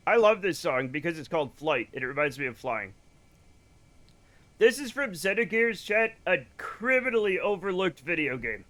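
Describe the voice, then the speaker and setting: A man streaming a video game live, chatting to viewers in an excitable way with loud bursts of enthusiasm. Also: high-pitched, normal speed.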